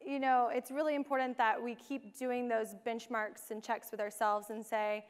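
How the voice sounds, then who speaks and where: Her voice is a little high and smooth, with little pitch movement, a normal speed and few pauses. This young woman is a conference speaker delivering a casual talk packed with fillers like um and you know, inside a large hall whose long reverb marks the recording.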